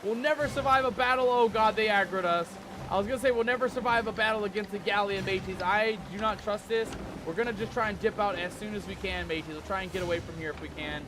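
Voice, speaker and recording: Male gaming streamer, very high voice, excitable live commentary with pirate slang, game sounds clearly behind. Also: quick pace, background noise. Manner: excitable, panicky, peppers talk with pirate slang. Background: ship and water game audio.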